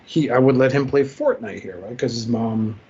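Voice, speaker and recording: A swearing, lively man from Jersey City spins a long anecdote on a casual podcast, jumping into the voices of the people in his story. His voice sits at an ordinary male pitch. The audio is slightly dull and muffled. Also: moderate pace, slight background noise. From Jersey City, USA. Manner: profane, animated, acts out quoted dialogue. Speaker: podcast host.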